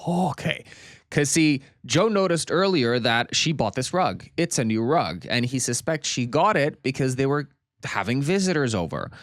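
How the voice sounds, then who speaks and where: A man's voice: medium pitch, a bit bright, no echo, clean studio sound. A man casually recapping a comedy movie, laughing often and swearing freely as he animatedly retells scenes. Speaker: movie reviewer.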